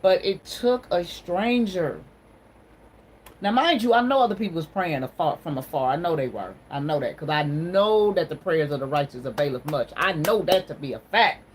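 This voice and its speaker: A woman's voice: low voice, expressive, normal speed, slight background noise, poor audio. A woman hosting a casual livestream on her phone, greeting viewers and talking in an encouraging, sermon-like way. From Ohio. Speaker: livestream host.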